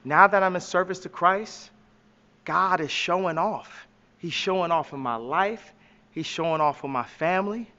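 Man, impassioned slangy guest, high voice, sharp tone, dull recording with long reverb. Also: normal speed. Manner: animated, slangy, emphatic. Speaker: interview guest. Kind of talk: impassioned preachy talk.

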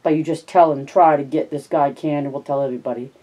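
A narrator voicing a stern ranch hand who speaks in a gruff, raised voice. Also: mid-range voice, fairly even intonation, fast talker, mellow, lo-fi sound, lightly acted. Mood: firm.

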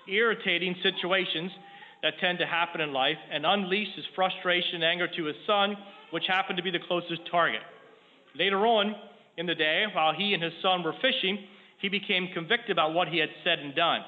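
A middle-aged man preaching a sermon in a measured, earnest way, raising his voice when he reads scripture. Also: a little high, steady tone. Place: church sanctuary. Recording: tinny lo-fi sound in a long-echo hall with faint noise.

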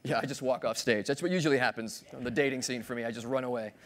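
A man's voice: mid-range voice, fast. A man giving a playful keynote talk on stage, acting out little scenes and voices. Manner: playful, acts out voices of others. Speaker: keynote speaker. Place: large conference hall stage.

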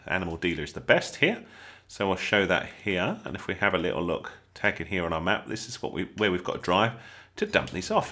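A man with an English accent narrates a gameplay tutorial over his own playing. His voice sits fairly low but swings widely in pitch. It has a bright, forceful edge, and he drifts into excitable jokes along the way. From England. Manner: chatty, excitable, jokey asides. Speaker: gaming YouTuber.

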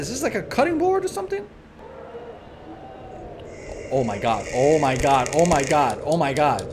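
A man's voice: a little high, very animated, unhurried, pauses often, background noise. A young man streaming a horror game, talking in slang, swearing and crying out at every scare. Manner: jumpy, loud outbursts, swearing slang. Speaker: gaming channel host.

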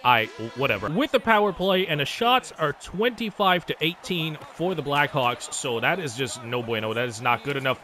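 A man giving excitable, casual commentary over a hockey video game, swearing freely and talking to the players on screen. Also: a little high, normal speed, hardly any pauses, a little hiss or hum. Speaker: gaming YouTuber. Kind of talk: live gameplay commentary.

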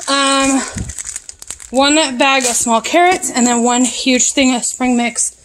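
A woman's voice: high voice, fairly even intonation, slow, fairly bright tone, a little hiss or hum, low-quality recording. A woman vlogging a casual grocery haul at home, chatting as she lists each item one after another. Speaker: mom vlogger.

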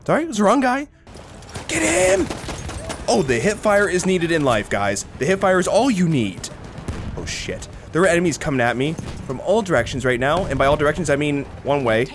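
A young man giving jokey, profane commentary while playing a shooter game, swinging between yells and mutters. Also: on the high side, big pitch swings, a little fast, music in the background. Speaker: gaming video host. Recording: game gunfire loud under voice. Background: gunfire and battle noise from the game.

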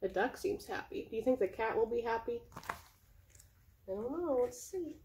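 A woman librarian reading a picture book aloud slowly and coaxing her pets in a gentle voice. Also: a little high, expressive, a little hiss or hum. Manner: slow, drawn-out reading of the story lines. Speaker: children's librarian.

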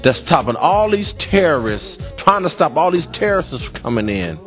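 A man rants in an agitated voice, swearing often and circling back to the same points. His pitch sits somewhat high and leaps around wildly. Faint music plays behind him. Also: big pitch swings, moderate pace, fairly bright tone. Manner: agitated, profane, repetitive. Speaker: street interviewee. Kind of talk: impassioned street rant.

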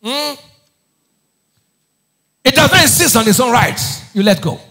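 Firing questions back at the congregation for them to answer, a pastor preaches emphatically, frequently raising his voice. His very high voice sounds animated, pushed and bright, at a measured pace.

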